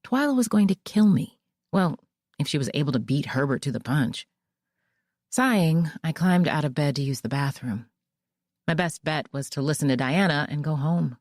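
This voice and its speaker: Low-voiced woman narrating an audiobook. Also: animated, moderate pace, darkish tone, dry recording, clean studio sound. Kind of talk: scripted first-person narration.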